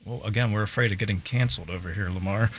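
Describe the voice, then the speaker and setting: A man co-hosts a radio talk show, teasing his colleagues and chiming in with jokes. His voice is low but bright and a little husky, with a lively pitch. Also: fast, no room sound. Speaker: radio co-host. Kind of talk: casual radio banter.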